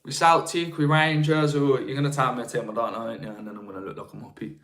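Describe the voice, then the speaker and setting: A man's voice: mid-range voice, level tone, fast, a bit bright. A young man hosting a live stream, chatting informally and greeting viewers between points. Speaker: live-stream host on marketing. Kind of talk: casual live-stream talk, reading viewer chat.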